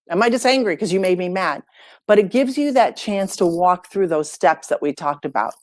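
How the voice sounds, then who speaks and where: A woman, a life coach and podcast guest, tells stories in a relaxed, conversational way and acts out the lines of the people in them. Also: fairly low pitch, brisk, no echo, studio quality. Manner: lively storyteller who acts out dialogue. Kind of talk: casual podcast storytelling.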